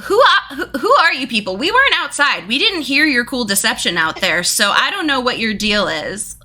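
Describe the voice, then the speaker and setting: A woman's voice: high-pitched, animated, normal speed, bright, forceful tone, pitched above the performer's own voice, full character voice. Woman putting on a whiny goblin chief. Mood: exasperated. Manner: exasperated, rambling complaints. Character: frustrated illiterate male goblin chief.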